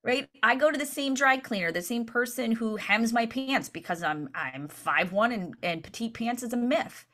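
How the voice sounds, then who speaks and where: Running a training session for real estate agents, this woman keeps up an energetic, chatty flow, frequently tossing in "right?" to check in. She pitches on the high side and talks at normal speed with few pauses.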